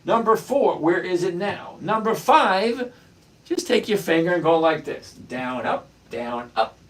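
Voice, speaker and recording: Middle-aged guy going live about stocks, husky voice, bit high, bouncy, reads chat names and answers. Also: animated, unhurried. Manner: chatty, greets viewers by name, answers questions. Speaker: livestream host reading chat.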